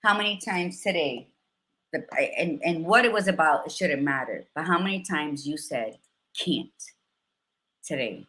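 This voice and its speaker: A woman in her fifties hosts a candid talk show with a bright, forceful tone. She talks openly and emotionally, then turns motivational with a lowish voice. Now and then she a phrase. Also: lively intonation, unhurried. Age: 50s. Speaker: host. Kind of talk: casual chat.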